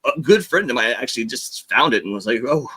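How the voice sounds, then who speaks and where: A man with a bright, forceful voice tells stories in a loose, rambling way. He jumps into quoted lines and laughs as he goes, like a guest chatting on a podcast. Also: medium pitch, very animated, quick pace, husky. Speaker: podcast guest, former Navy journalist. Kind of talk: casual storytelling.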